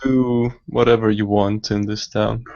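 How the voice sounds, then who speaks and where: A man's voice: fairly low pitch, level tone, a little slow, a little mellow. Laid-back man over a dull line. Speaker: player. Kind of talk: tabletop role-play. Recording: dull lo-fi recording.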